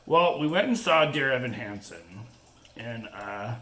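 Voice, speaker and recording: Middle-aged man, crafting chat host, slow easygoing talk, bright voice, laughs a lot, echoey room. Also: mid-range voice, expressive. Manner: chatty, laughs often, rambling asides. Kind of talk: casual chat while diamond painting.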